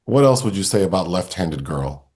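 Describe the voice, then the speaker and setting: A man co-hosting a film review podcast, relaxed as he recounts a plot step by step in casual conversation. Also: sits low, moderate pace, slightly rough.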